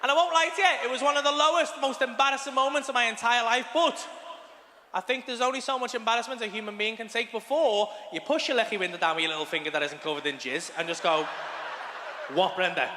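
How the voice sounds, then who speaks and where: Stand-up comic, male, high register, crude and animated; live club hall, echoey and noisy. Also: fast. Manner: crude, swearing, animated storytelling. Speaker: stand-up comedian. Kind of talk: stand-up set with crowd work. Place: comedy club stage. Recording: reverberant club hall with crowd noise.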